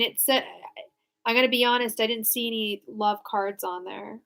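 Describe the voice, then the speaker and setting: Frank and chatty, this young tarot reader fields viewer questions in a casual live session, stumbling through fillers and restarts. Her voice is medium-pitched and a little bright.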